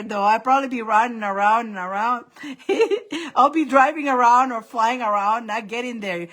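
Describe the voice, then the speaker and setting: A middle-aged woman hosts a casual live stream of psychic readings, rambling and laughing often. Her voice is a little high and a bit bright.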